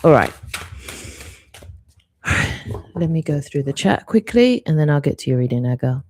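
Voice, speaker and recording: A woman hosting a live stream, giving an intuitive card reading in a soft, reflective, unhurried way. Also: low voice, lively intonation, dry recording.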